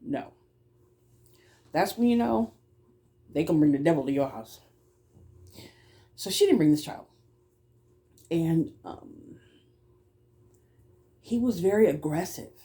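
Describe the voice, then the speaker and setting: A woman's voice: deep voice, expressive, dark tone. A woman who runs a childcare business, telling a story casually, bluntly and with swearing, stumbling over words now and then. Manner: talks fast at times. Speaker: childcare provider.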